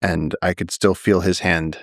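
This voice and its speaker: A man's voice: deep voice, little pitch movement, unhurried, dry recording, clean studio sound. A man, a naturalist guest on a podcast, vividly telling a story and acting out the quotes. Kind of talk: storytelling in a long-form interview.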